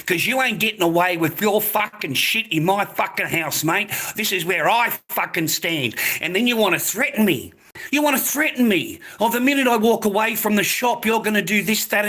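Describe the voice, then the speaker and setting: An older Australian man ranting in a profane monologue, aggressive and swearing constantly with loud outbursts. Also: sits high. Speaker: vlogger.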